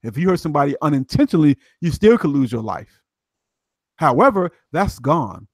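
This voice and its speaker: Animated man with a lively voice. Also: on the high side, fairly quick, dry recording. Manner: emphatic, street slang. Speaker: guest commentator. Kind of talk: animated casual commentary.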